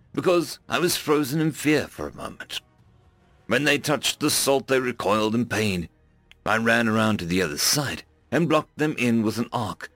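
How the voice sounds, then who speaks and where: Man as human hero, rattled, rueful, halting, dry sound. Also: medium pitch, a bit bright, dry recording, lightly acted.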